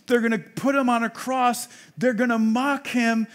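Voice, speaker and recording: A man with a strikingly high voice delivers a sermon to a congregation. He preaches with emphasis, asks the room rhetorical questions, and moves between hushed passages and loud, forceful ones. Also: level tone, moderate pace. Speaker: rabbi.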